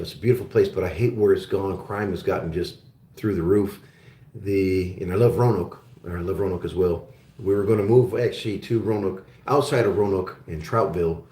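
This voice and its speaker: A man's voice: low-pitched, brisk, mellow, echoey room. A man from Germany hosting a casual live-stream chat with viewers, friendly and rambling, with many fillers and restarts. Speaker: show host.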